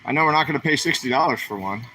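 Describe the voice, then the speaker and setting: A man's voice: mid-range voice, animated, rapid-fire, pushed and bright, slight background noise. A man, streaming while he walks the aisles of a store, chatting and asking his viewers questions. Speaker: vlogger. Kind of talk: livestream vlog while shopping.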